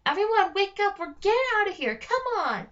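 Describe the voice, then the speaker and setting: A woman's voice: high voice, fairly quick, a bit bright, voice pushed up. Woman reading as a bossy brave girl leader. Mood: urgent. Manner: urgent and commanding. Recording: dull lo-fi recording.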